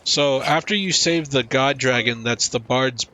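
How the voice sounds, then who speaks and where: A man's voice: mid-range voice, measured pace, pushed and bright, faint music behind. A man giving a casual comedic recap of a game story, rambling and irreverent, swearing freely and admitting what he forgets.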